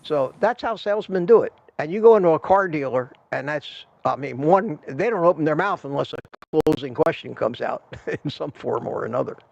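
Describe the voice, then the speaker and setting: A man's voice: on the high side, lively intonation, fairly quick, vocal fry, darkish tone, slight background noise. An older man hosting a casual livestream, talking to viewers in a chatty, rambling way with a salesman's patter. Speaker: livestream host. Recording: dull lo-fi stream audio.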